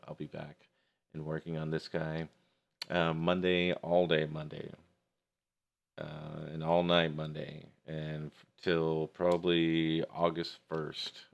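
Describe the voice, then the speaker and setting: Deep gravelly man teaching. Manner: laid-back, slangy, keeps asking "right?". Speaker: 3D sculpting instructor streaming live. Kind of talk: casual live software tutorial. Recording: background crowd chatter from a playing video.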